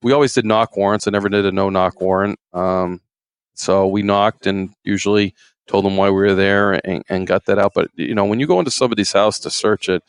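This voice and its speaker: Gravelly low-voiced retired game warden. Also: male voice, steady tone, a little fast, no echo. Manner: folksy, rambling, acts out quotes in raised voices. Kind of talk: casual storytelling interview.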